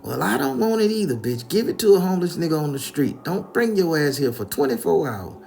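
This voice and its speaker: A man's voice: sits low, fast talker, darkish tone, natural voice. A man voicing his bossy, superstitious old grandmother, who curses freely and scolds bluntly. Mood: angry.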